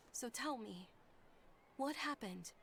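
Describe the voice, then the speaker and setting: An actress voicing a kind, gentle young noblewoman in a video game, speaking softly and politely. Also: on the high side, expressive, drawn-out words, vocal fry, slight background noise, full character voice. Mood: worried.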